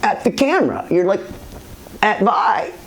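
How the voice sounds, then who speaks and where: A man delivering a profane comedic rant about guitarists, frantic and swearing, lurching from shouts to whispered asides. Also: high voice, very animated, a little slow, a little hiss or hum.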